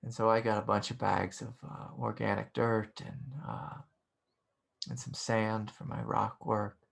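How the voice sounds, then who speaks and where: A man with a low, gravelly voice tells a casual story during an online spiritual gathering. He rambles, leans on fillers and chuckles often, and sounds like he is on a video call. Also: level tone, unhurried. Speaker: meditation and spiritual teacher.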